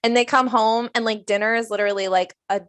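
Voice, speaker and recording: A woman's voice: on the high side, steady tone, quick pace, fairly bright tone, dry recording. A woman in her twenties, a chef, telling stories casually as a podcast guest, with lots of "like". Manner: chatty storytelling, heavy use of "like". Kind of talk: casual interview chat.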